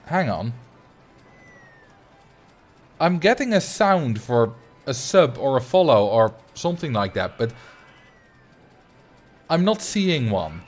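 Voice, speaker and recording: A Dutch-accented man rambles happily through a gaming livestream, thinking out loud as he plays. His voice sits at a middling pitch but swings up and down a lot. Faint game music plays beneath his desk-mic chat. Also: sing-song, slow, pauses often. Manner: chatty and rambling, thinking aloud. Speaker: streamer. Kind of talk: casual livestream chat while playing.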